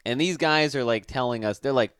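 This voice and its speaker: A man co-hosting a livestream, telling stories in casual chat with an animated delivery and plenty of swearing. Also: medium pitch, brisk, clean tone, no room sound, clean studio sound. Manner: animated storyteller, swears freely. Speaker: livestream co-host.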